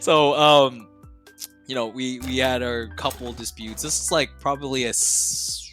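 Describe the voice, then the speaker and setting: Young guy ranting thru a school story, bright punchy voice, swears a lot, faint music behind. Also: medium pitch, a little slow. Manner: animated, swears often, laughs mid-story. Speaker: podcast guest. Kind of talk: casual storytelling.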